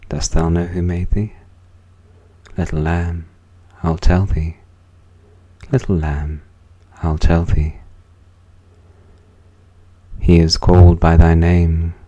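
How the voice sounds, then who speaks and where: A man reciting poems in a solemn, measured way, letting the ends of lines fall softly. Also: low voice. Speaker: poetry reader. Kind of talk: slow, measured poetry recitation.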